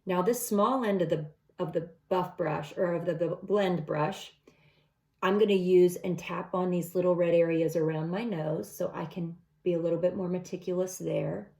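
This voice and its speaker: A woman's voice: on the low side, fairly even intonation, moderate pace, a little mellow. A middle-aged woman talking through a makeup tutorial step by step in a casual, chatty way. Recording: echoey room.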